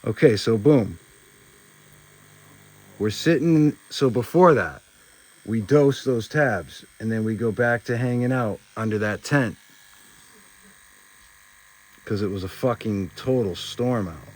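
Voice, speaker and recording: A man's voice: on the low side, slow pace, long pauses, a little mellow. A man casually telling a rambling personal story, swearing often and filling in with "like" and "you know".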